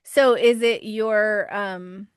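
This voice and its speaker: A woman's voice: mid-range voice, fairly even intonation, very slow, clean tone, no echo. Chatty woman host, dry close sound. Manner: chatty, laughs often, frequent affirmations. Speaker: podcast host. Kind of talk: casual interview talk.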